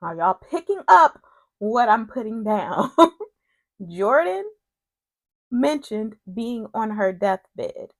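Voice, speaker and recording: A woman's voice: fairly high pitch, big pitch swings, slow, long pauses, dry recording. A woman casually recapping a soap opera's week, chatty and digressive with asides.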